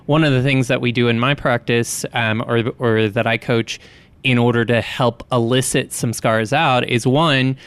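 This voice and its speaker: A man hosting a podcast interview, calmly explaining an idea from his coaching practice. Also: medium pitch, moderate pace, clear, resonant tone, dry recording.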